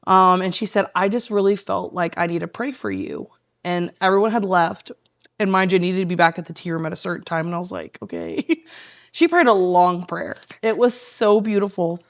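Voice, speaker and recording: A woman's voice: on the low side, animated, brisk. A woman guest telling a heartfelt personal story in casual conversation, earnest and rambling with lots of fillers. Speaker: guest, tea room owner.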